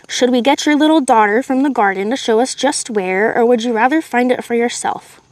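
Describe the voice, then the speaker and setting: A woman voicing a menacing male thug with a rasping voice and a slow, taunting manner. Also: a little high, no echo, lightly acted.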